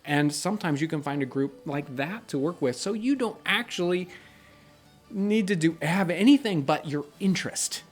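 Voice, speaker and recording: A man's voice: a little high, expressive, normal speed, faint music behind. A middle-aged man hosting a casual question-and-answer chat, explaining things earnestly and reading out viewer questions. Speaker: channel host.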